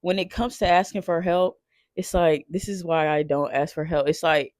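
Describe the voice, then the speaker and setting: A man telling a painful personal story off the cuff, emotional and halting, swearing and restarting often. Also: on the high side, level tone, dry recording. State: shaken while recounting.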